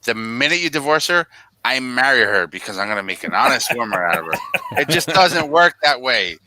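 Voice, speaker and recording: Bright, ranting New man. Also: mid-range voice, huge pitch swings, a little fast, no room sound, low-quality recording. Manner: ranting, mock-angry. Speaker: podcast co-host. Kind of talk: casual sports chat.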